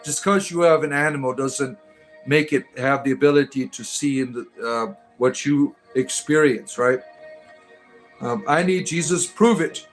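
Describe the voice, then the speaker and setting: A man's voice: medium pitch, unhurried, soft background music. A man hosting a casual livestream, joking as he reads and answers chat messages and often adding "right?". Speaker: livestream host reading chat.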